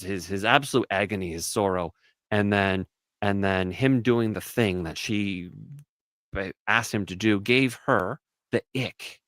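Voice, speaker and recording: A man's voice: fairly bright tone, dry recording. Rambling man on a dry mic. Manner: rambling, restarts a lot, mocks women in shrill put-on voices. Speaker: podcast co-host. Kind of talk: casual chat.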